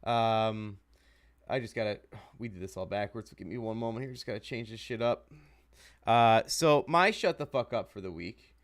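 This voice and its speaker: A man's voice: fairly low pitch, normal speed, no echo, studio quality. Profane ranting man on a sports podcast. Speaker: podcast host. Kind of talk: casual sports podcast rant.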